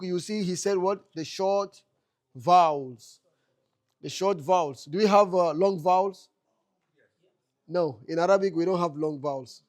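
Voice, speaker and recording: A man teaching an Arabic class in a mosque classroom, asking the students questions and answering them himself, repeating key phrases. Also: a little high. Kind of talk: classroom lecture.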